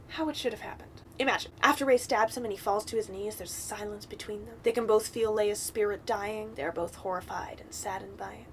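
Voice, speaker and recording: A young woman vlogger giving blunt, sarcastic film commentary, swearing freely and filling her speech with "like.". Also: fairly high pitch.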